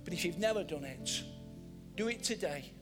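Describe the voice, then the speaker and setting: An older man preaching a sermon in church, animated, moving between loud emphasis and soft, drawn-out phrases. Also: sits high, music in the background.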